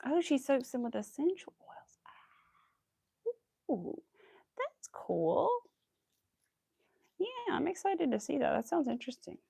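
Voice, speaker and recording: A woman's voice: sits high, big pitch swings, takes it slowly, creaky, long pauses, dark tone, no echo, studio quality. A young woman with a Southern US accent chatting casually while she crochets on a livestream, rambling and laughing often.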